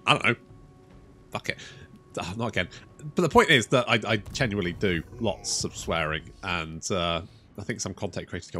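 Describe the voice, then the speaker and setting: A man's voice: deep voice, normal speed, pushed and bright, a little hiss or hum. A man giving casual, rambling let's-play commentary over a strategy game, swearing freely and poking fun at himself. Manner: rambling, sweary, self-mocking. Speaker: gaming YouTuber.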